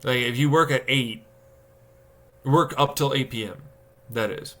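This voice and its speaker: A man's voice: medium pitch, measured pace, pushed and bright. A young adult man livestreaming, ranting casually and profanely about commuting costs and acting out his own exasperated thoughts. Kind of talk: casual rant to stream chat.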